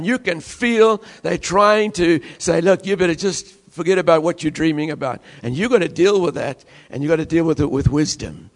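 High-voiced male pastor, impassioned sermon delivery, big swings from loud to hushed. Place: church.

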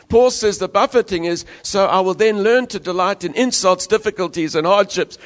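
High-voiced male pastor, impassioned sermon delivery, big swings from loud to hushed. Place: church.

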